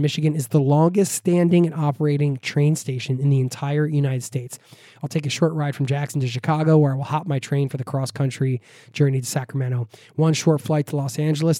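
A man's voice: mid-range voice, dark tone, no echo, studio quality. A man hosting a podcast. He reads listener mail and signs off in an upbeat, encouraging way, with a scratchy voice from being sick. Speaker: podcast host. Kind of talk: reading listener mail and signing off.

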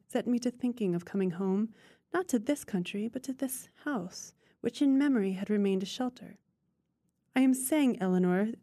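A woman's voice: mid-range voice, dark tone, dry recording, clean studio sound, close to an everyday voice. A woman reading the lines of a formal, opinionated elderly mother who pronounces judgments.

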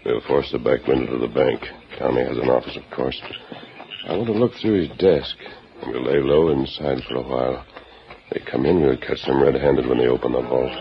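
Radio play: a bold masked hero, extremely deep and firm, lo-fi 1940s sound. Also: male voice, fairly even intonation, moderate pace, vocal fry. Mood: commanding. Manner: firm commanding delivery. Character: commanding masked male lawman, calm and bold. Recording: dull 1940s radio broadcast.

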